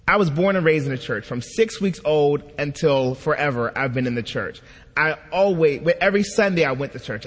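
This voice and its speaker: A man preaching a sermon, telling a personal story and acting out the quoted dialogue with lots of expression. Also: mid-range voice. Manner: animated, acts out quoted dialogue. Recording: long hall reverb.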